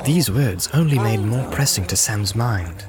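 A man's voice: on the low side, over loud music. Man reading a fantasy story aloud. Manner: even, measured storytelling. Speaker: audiobook narrator. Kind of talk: scripted narration.

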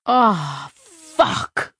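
A woman narrates in a fairly low, husky, expressive voice, stretching her words out in an exaggerated delivery with no room sound. She voices a sharp, frantic adult woman who is agitated and fires off urgent, swearing questions, pushing hard until she is nearly shouting.

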